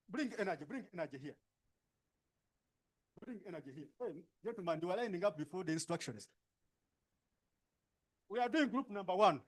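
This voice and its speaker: High-voiced Ugandan man directing a workshop. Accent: Ugandan English. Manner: brisk, instructing, frequent tag questions. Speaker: workshop facilitator. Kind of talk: directing participants into groups.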